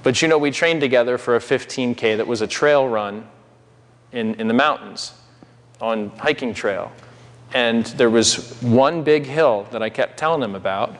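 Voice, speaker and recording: A man's voice: mid-range voice, moderate pace. A man preaching a sermon in a conversational way, with asides to the congregation. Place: church sanctuary. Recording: long hall reverb.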